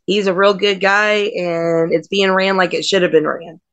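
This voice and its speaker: A woman's voice: fairly low pitch, fairly even intonation, moderate pace, no room sound. A middle-aged woman, a wrestler, telling blunt, brash stories in a casual interview and laughing through them. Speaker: wrestler, guest.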